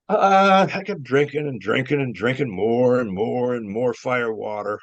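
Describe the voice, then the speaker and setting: A man's voice: medium pitch, slow pace, no echo. An older man, a former wrestler, telling rambling stories with chuckles, fillers and restarts. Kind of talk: rambling storytelling. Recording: dull dry lo-fi sound.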